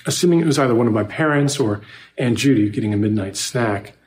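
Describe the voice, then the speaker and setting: A man narrating a first-person horror story in a measured, scripted way, recorded with a roomy echo. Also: medium pitch, a little mellow.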